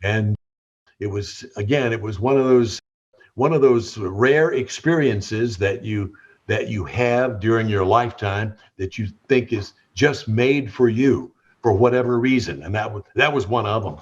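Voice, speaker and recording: An older man with a gentle Southern drawl, spinning a long anecdote and stumbling over restarts as he goes. His voice is slightly husky, and the recording sounds a little dull and lo-fi. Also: on the low side, measured pace. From Tennessee. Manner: warm anecdotal storyteller with repeated restarts. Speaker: guest, veteran radio DJ. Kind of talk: storytelling interview.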